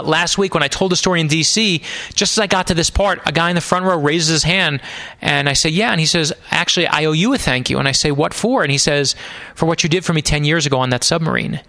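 Bright-voiced man telling a story live. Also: fairly high pitch. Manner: earnest, conversational, many fillers and quoted dialogue. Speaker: author giving a bookstore talk. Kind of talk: live storytelling talk to an audience. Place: bookstore event space.

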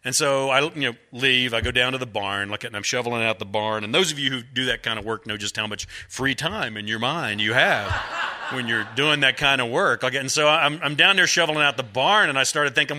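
Bright-voiced folksy storytelling man. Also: mid-range voice, a little fast. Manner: rambling, folksy and self-mocking, with a habitual "like that". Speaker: author speaking to a bookstore audience. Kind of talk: casual storytelling to a live audience.

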